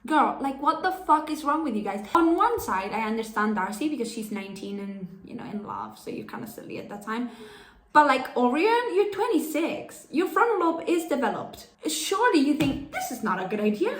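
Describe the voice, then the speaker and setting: A young woman from Italy talks straight to camera in a casual reading vlog. Her voice sits a little high, and she reacts in animated, swearing rants. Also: moderate pace. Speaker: book vlogger.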